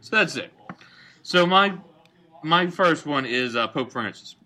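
A man's voice: on the high side, expressive, measured pace, bright, forceful tone. A man co-hosting a casual bar-talk show, rambling and profane while giving his opinions. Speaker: podcast co-host.

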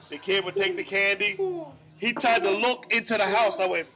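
A man hosting a casual bar podcast, telling a profane, animated story. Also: high voice, normal speed, faint music behind. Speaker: podcast host.

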